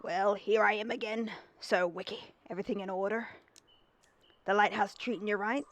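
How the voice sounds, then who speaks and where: A woman's voice: medium pitch, fairly even intonation, very slow, bright, forceful tone, dry recording. Lady doing a crusty old fisherman guy in a game, haggly, accent all over the place, dry close sound. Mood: folksy haggling. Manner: wavering put-on accent. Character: gruff old male fisherman, haggling village seller.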